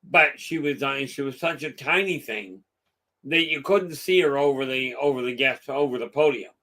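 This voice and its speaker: A man's voice: medium pitch, normal speed, sharp tone. A middle-aged man hosting a live stream, chatting casually with viewers and telling rambling stories full of fillers. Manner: rambling storyteller, lots of fillers.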